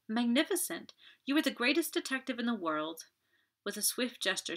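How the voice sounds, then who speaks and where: A woman's voice: on the low side, bright, forceful tone. A woman voicing a distraught young Frenchwoman who pleads with emotion in an audiobook reading. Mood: pleading.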